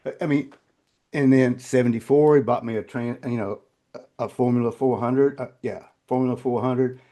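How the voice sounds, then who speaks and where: An older man, a guest telling personal stories in an interview, halting and repeating words, turning quiet and choked when emotional. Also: medium pitch, fairly even intonation.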